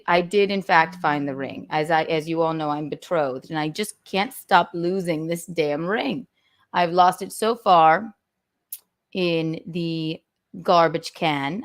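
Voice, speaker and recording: A woman hosting her own live stream in a casual, playful and theatrical way, humming nonsense sounds as she adjusts her studio mic. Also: low-pitched. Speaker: host. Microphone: own studio mic, adjusting its volume.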